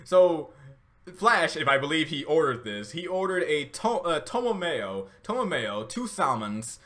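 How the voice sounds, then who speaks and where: A man's voice: a little high, expressive, unhurried, fairly bright tone. A man hosting a casual reaction video, rambling with many fillers and restarts, and getting emotional at times. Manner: emotional, laughing through tears.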